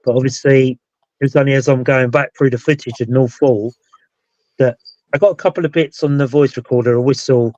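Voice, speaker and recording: A man's voice: mid-range voice, steady tone, fairly quick, a little mellow, dry recording. British male host, casual rambling live-stream talk, dead dry muffled recording. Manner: rambling, loses his thread and restarts. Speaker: paranormal investigator and show host. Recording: dull dry lo-fi sound.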